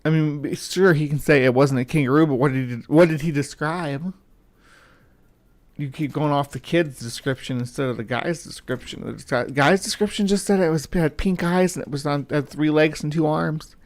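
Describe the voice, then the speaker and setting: Give me a man with a slightly high voice hosting a live stream, casually arguing with a video. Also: moderate pace. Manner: argumentative, talks back to the clip. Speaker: live show host reacting to a video.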